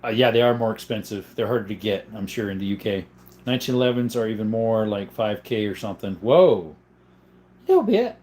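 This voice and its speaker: A man's voice: on the low side, animated, brisk, a little mellow, slight background noise. A young adult man hosting a casual livestream, reading viewer comments aloud and answering them in a loose, conversational way. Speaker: livestream host.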